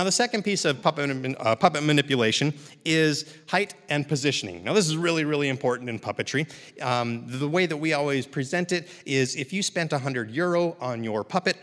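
A man with a middle-pitched voice runs a puppetry class in front of a seated group, upbeat and joking. His voice carries a long reverb from the large hall. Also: fairly bright tone. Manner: upbeat, encouraging, joking with the audience. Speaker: puppetry instructor. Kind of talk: live workshop teaching to a seated audience.

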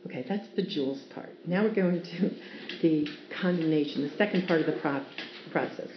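A woman's voice: low voice, moderate pace, slight background noise. A woman giving a devotional Bible teaching, earnest and storytelling, sometimes laughing as she explains. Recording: roomy, dull lo-fi sound with faint ambience.

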